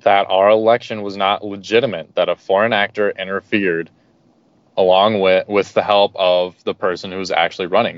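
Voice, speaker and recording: A man appearing as a guest on a political podcast, making his points in a steady, earnest way. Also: low-pitched. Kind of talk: casual political podcast chat. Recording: dry, dull lo-fi audio.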